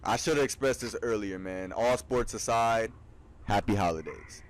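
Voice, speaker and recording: Male co-host, somewhat low pitch, playful teasing delivery. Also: moderate pace, slight background noise. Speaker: podcast co-host. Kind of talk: casual sports chat.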